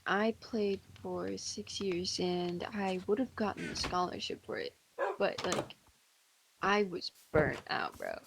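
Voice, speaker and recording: Slow-talking young woman, casual chat. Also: lowish voice, lively intonation, vocal fry, slight background noise. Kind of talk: casual chat while gaming.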